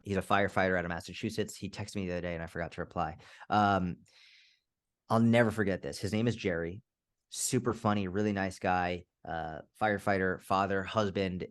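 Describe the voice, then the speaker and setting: A low-pitched man in his thirties speaking as a fitness coach on a podcast. He tells stories with animation and swears freely, loose and conversational throughout.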